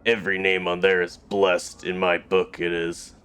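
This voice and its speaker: Male actor voicing a gruff, folksy local in a computer game, deep monotone, smooth clear tone. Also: moderate pace. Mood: weary folksy. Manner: folksy, drawling dialect. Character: gruff plain-spoken male city local.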